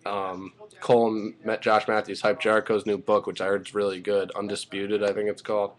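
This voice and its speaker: A man giving a casual spoken recap of a wrestling show, rambling and excitable, swearing freely as he goes. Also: fairly low pitch, brisk.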